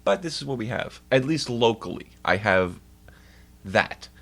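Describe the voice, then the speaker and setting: A young man rants during a casual livestream, swearing constantly and sounding exasperated. His voice swings widely in pitch, climbing high when he gets worked up. His talk is loose and off the cuff. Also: lively intonation, unhurried, gravelly. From New York. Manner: profane, exasperated ranting. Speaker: streamer.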